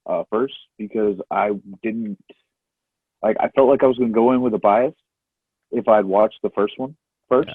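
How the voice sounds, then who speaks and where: A man's voice: fairly low pitch, normal speed, long pauses, slightly rough, no room sound. A man co-hosting a podcast, chatting in an easygoing, filler-heavy way about movies. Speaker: podcast co-host. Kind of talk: casual movie chat. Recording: tinny phone-like line.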